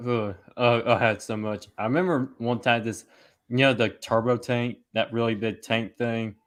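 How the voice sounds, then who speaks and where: A man joining a casual chat as a guest, laid-back and unhurried as he recalls things. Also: medium pitch, fairly even intonation. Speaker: podcast guest.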